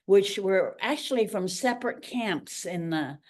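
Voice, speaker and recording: Her voice medium in pitch and unhurried, an older woman from Canada recounts stories as a guest in a casual interview. A former ballerina and teacher, she animates each tale by performing the quoted voices.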